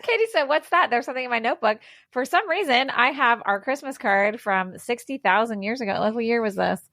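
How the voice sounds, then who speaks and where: A woman's voice: fairly high pitch, expressive, brisk, fairly bright tone, no room sound, studio quality. A woman in her thirties from the Midwest, co-hosting a podcast in a casual, teasing, giggly chat. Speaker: podcast co-host.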